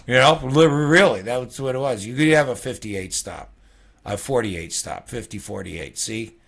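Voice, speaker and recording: A man's voice: mid-range voice, normal speed, creaky, fairly bright tone. A man casually walking through futures charts as a trading educator, rambling and checking in with "okay?" after nearly every point. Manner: rambling, conversational, peppered with "okay?".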